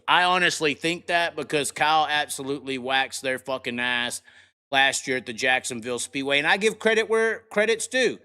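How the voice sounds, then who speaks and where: A man's voice: mid-range voice, normal speed, smooth. A man hosting a live racing talk show, ranting brashly and cursing as he breaks down results. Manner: brash, profane, excitable rants. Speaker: podcast host. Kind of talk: casual live show commentary.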